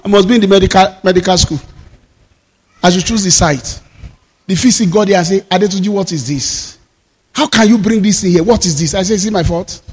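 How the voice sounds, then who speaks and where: A Nigerian man preaching a sermon as pastor, with fervent declarations that rise into shouts. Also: high-pitched, fairly quick, husky, big-room sound.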